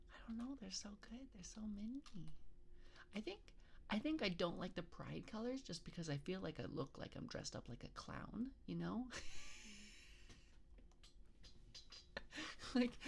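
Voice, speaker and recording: A woman streamer chatting softly in an ASMR stream, hesitant and rambling, often slipping into a whisper, into a binaural microphone. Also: mid-range voice, animated, unhurried, creaky, pauses often, a little hiss or hum. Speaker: VTuber streamer. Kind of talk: soft-spoken ASMR stream chat.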